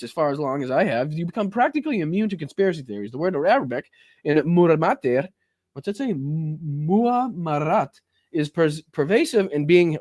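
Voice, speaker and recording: A political commentator reads clips aloud and then rants about them with heavy profanity. His voice is a little high and darkish, and the sound is clean studio audio with no echo.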